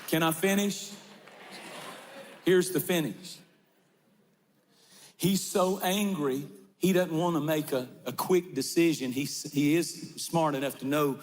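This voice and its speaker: A man preaching a sermon to a large church congregation, impassioned, retelling a story and shouting at the peaks. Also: a little high, a little slow, in a large hall, slight background noise. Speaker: pastor.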